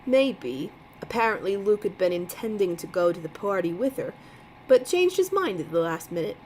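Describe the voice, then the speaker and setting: A steady, matter-of-fact man with a Boston accent, as a woman reading a mystery novel aloud puts him on. He delivers facts evenly at a middle pitch. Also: normal speed, slight background noise, close to an everyday voice, poor audio.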